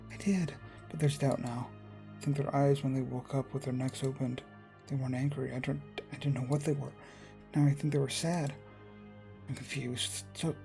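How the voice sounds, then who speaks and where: A man reads a visual novel aloud as its narrator, in quiet, brooding first person. His voice is gravelly, with plenty of fry. Its tone is dark and mellow. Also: mid-range voice. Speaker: let's player.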